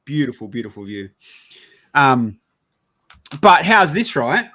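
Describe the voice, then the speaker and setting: A mid-range voice at a slow pace belongs to this Australian podcast host. He tells a rambling, animated story in casual chat, swearing easily and acting out the lines of other people.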